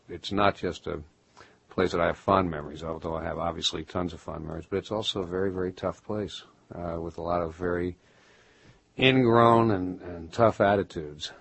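A middle-aged man from Baltimore, a writer being interviewed, musing in a halting way with many restarts. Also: deep voice, steady tone, gravelly, fairly bright tone, slightly rough, no room sound, poor audio. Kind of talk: reflective conversational interview.

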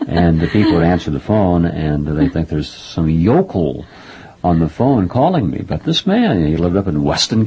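A man hosting an interview, talking in a halting, chatty way with many pauses and fillers. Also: low-pitched, dark tone, a little hiss or hum. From Oklahoma family roots. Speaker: interview host. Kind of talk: radio interview conversation. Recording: dull lo-fi audio.

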